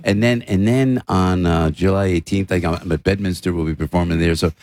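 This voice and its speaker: A comedian tells stories in an animated, chatty way. His voice sits low, and the recording is dry and close. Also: fairly quick, no room sound. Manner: animated storyteller, slips into impressions. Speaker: comedian and radio host, here as guest. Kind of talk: casual interview chat.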